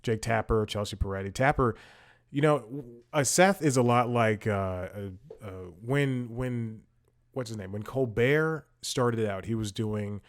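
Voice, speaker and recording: A man's voice: medium pitch, unhurried. A man hosting a casual commentary podcast, rambling with many restarts and fillers while he scrolls and multitasks. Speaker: podcast host.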